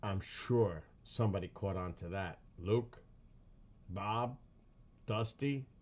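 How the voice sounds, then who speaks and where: A man from New York talks casually with his stream chat, his New York accent thick on every word. His voice sits somewhat low. He rambles from one aside to the next, quizzes the viewers and breaks into laughter often. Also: slow pace, darkish tone. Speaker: live streamer.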